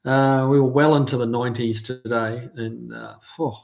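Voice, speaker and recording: A man's voice: mid-range voice, fairly even intonation, moderate pace, vocal fry, darkish tone. A man hosting a casual livestream, greeting viewers by name and chatting loosely with plenty of ums and uhs. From New Zealand. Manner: chatty, friendly, lots of fillers. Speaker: livestream host. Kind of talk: casual live chat reading viewer comments.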